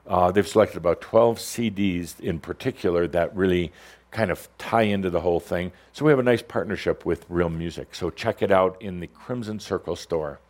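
A middle-aged man from Wisconsin hosts a show in an easygoing way. He speaks in a lowish voice, with jokes and plenty of fillers. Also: moderate pace, darkish tone. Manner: easygoing, joking, many fillers. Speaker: show host. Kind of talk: casual hosted announcements.

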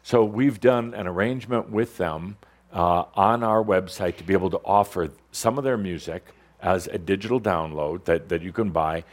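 Easygoing middle-aged male host, low voice. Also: moderate pace. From Wisconsin. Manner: easygoing, joking, many fillers. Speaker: show host. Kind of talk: casual hosted announcements.

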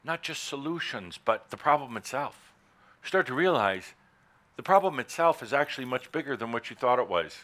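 A man giving a live spiritual talk to an audience, teasing and playful, swinging between loud bursts and soft, slow asides. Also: mid-range voice, expressive, slight background noise. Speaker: spiritual teacher.

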